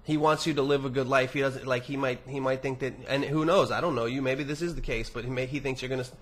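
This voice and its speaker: A man's voice: medium pitch, fairly even intonation, fast. A young man hosting a podcast, reading listener emails aloud and answering them in a rambling, profane, casual monologue with many restarts.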